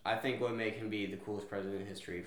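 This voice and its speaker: A young man co-hosting a podcast in casual chat, joking and laughing often, now and then shouting out mock quotes. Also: on the low side, steady tone, very fast, background noise. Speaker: podcast co-host. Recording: echoey room.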